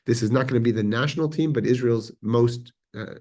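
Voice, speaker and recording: A man's voice: medium pitch, fairly quick, dark tone. A man teaching a history lecture to a class in a conversational way, with fillers and self-corrections. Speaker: adult education teacher. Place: synagogue classroom.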